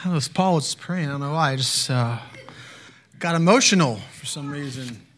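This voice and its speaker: A man's voice: fairly high pitch, normal speed, a bit bright, a little hiss or hum. A young male pastor preaching, telling candid, self-deprecating stories from home life. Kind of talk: sermon.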